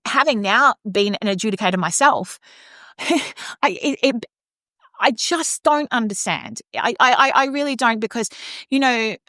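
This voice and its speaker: Animated Australian woman telling a story. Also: fairly high pitch, a little slow, dry recording, studio quality. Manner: animated, acts out quoted voices. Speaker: podcast co-host and opera singer. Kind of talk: casual storytelling chat.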